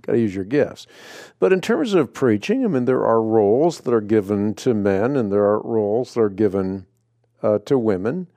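A man hosting a radio call-in show, speaking in a measured, deliberate way with frequent filler sounds. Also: lowish voice, lively intonation, mellow, no echo.

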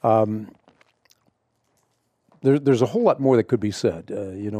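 Deep-toned man teaching on radio. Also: warm tone, dry recording, studio quality. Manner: measured, emphatic, with frequent fillers and restarts. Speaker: radio show host answering Bible questions.

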